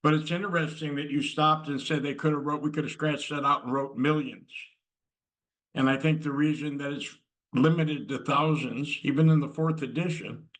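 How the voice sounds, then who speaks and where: A man's voice: fairly high pitch, fairly even intonation, moderate pace, fairly bright tone, low-quality recording. A man co-leading a recovery meeting on a video call, talking in a wry, conversational way. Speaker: meeting co-leader.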